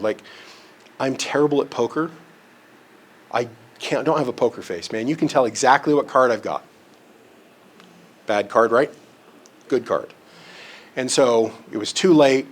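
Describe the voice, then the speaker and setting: A man's voice: medium pitch, measured pace, pauses often. A man giving a live presentation in a conference room, talking conversationally, often checking in with his listeners and using homely examples and self-deprecating humor. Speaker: presenter on relationships and counseling.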